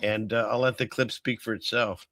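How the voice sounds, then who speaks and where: A man hosting a casual commentary show who rambles and drops sarcastic asides between chuckles. His voice is bright and forward, recorded dry and close. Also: on the low side, fairly even intonation, moderate pace, no echo. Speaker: host.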